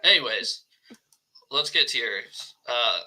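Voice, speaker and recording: A man's voice: medium pitch, animated, a little slow, bright, forceful tone. A man co-hosting a casual football livestream who talks bluntly, swears often and laughs through his points. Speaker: co-host, Seahawks fan. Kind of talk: casual sports debate.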